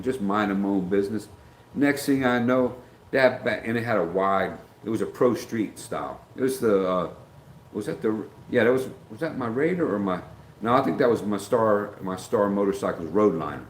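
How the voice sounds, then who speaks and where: A middle-aged man hosts a casual livestream, rambling as he greets chat viewers by name. His voice is fairly low with lively intonation at a moderate pace. The room sounds roomy with faint ambience and a little hiss or hum.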